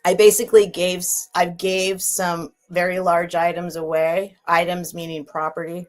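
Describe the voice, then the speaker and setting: This is casual livestream chat from a middle-aged woman hosting a sale, her voice on the low side with a level tone at normal speed, soft music in the background. She rambles, restarts, trails off, and reads and answers the chat.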